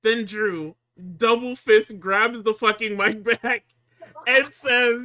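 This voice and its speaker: A man co-hosting a casual wrestling recap podcast, profane and animated, acting out what wrestlers said. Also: high voice, slow pace. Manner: animated, profane, acts out quotes with big swings. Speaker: podcast co-host.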